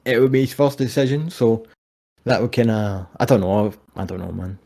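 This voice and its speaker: A man's voice: lowish voice, normal speed, vocal fry, mellow. A man, co-hosting a casual chat and telling stories with a lot of swearing and laughter. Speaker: podcast co-host.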